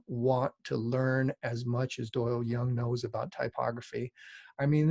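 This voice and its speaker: A man's voice: mid-range voice, vocal fry, mellow, dry recording. A middle-aged man, a design teacher, lecturing in a rambling, conversational way with frequent asides. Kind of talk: lecture with casual storytelling.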